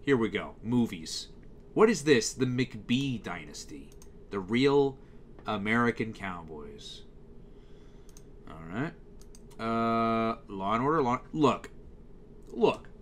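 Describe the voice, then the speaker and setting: A man's voice: mid-range voice, lively intonation, slow, long pauses, a little hiss or hum. A young man giving a casual, exasperated rant about a TV channel's schedule, full of fillers and restarts. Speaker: youtuber reviewing TV schedules. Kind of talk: casual ranting commentary.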